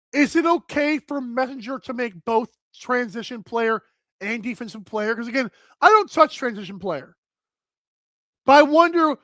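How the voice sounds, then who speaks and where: A woman hosting a live sports talk stream, chatting casually and thinking out loud with lots of filler words as she addresses viewers. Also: sits high, no echo. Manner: chatty, thinks aloud with many "like"s, addresses chat. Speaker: sports talk show host.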